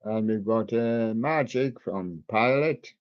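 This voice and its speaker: A man's voice: lowish voice, takes it slowly, highs cut off. A man hosting a music show, reading out song titles in a rambling, casual way with puns on the titles. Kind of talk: casual record-show chat.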